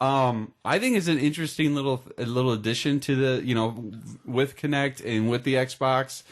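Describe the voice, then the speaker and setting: A man's voice: mid-range voice, moderate pace. A man co-hosting a gaming podcast in casual chat, rambling with frequent restarts and chuckles. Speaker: podcast co-host.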